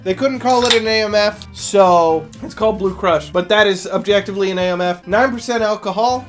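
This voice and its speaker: A man's voice: high-pitched, fairly quick, a bit bright, faint music behind. A man giving casual, blunt taste-test commentary as a streamer, sarcastic and swearing freely. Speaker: streamer taste-testing canned cocktails.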